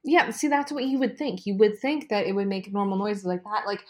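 Excitable swearing woman podcast host. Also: mid-range voice, fairly quick. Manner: swears freely, excitable and rambling. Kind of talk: casual chat. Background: ice maker noise from a fridge.

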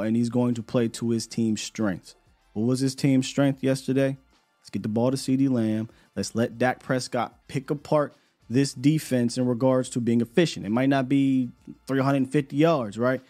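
A man's voice: medium pitch, mellow. Emphatic man hosting a sports talk show. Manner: emphatic, repeats points for effect.

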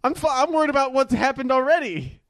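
High, lively young man, giggly and nervous. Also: quick pace, dry recording. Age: young adult. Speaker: podcast co-host. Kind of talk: casual chat.

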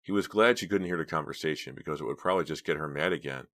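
A man reading a teen horror novel aloud as an audiobook narrator, in a steady, measured way. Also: extremely low pitch, no echo.

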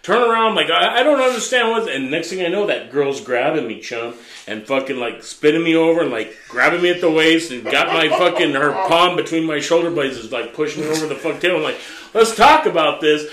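Man, podcast host, crude animated storyteller, fairly high, bright tone, echoey room. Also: fairly quick. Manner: profane, animated, laughing storyteller.

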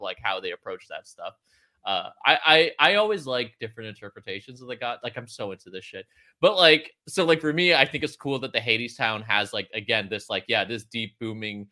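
Bright-voiced, enthusiastic male podcast host. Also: mid-range voice. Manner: enthusiastic, rambling, filler-heavy. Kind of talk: casual podcast chat.

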